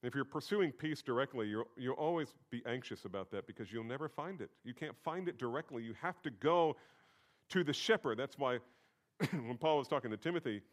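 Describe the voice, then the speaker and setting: A man's voice: medium pitch, lively intonation, a little fast. Man preaching a conversational sermon. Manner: conversational teaching with emphatic repetition. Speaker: pastor.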